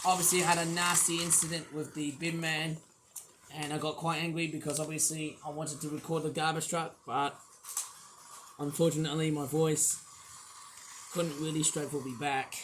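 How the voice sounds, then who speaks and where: Hoarse man, sore throat, rambling casual toy-review vlogger with lots of restarts. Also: on the high side, level tone, moderate pace, fairly bright tone, a little hiss or hum. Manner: rambling, repeats fillers and restarts. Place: quiet room at home.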